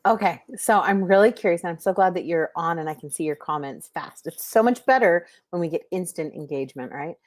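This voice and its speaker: A woman's voice: on the low side, a little fast, hardly any pauses, dry recording. Middle-aged woman, livestream host, rambling casual chat, dry close sound. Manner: chatty, meandering, full of fillers and restarts. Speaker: livestream host giving intuitive readings.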